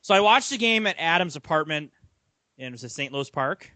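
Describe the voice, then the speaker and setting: A young man co-hosting a casual sports podcast, his voice bright and lively as he swings up and down in pitch while telling stories. He laughs as he talks, and the sound is dry and close. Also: a little fast, no room sound. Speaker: podcast co-host.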